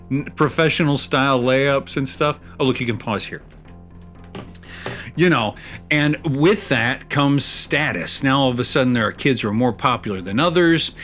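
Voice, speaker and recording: A man's voice: medium pitch, fairly bright tone. A man hosting a casual show, chatting and rambling through fillers and small chuckles as he plays a video game. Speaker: host. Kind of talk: casual chat while playing a video game.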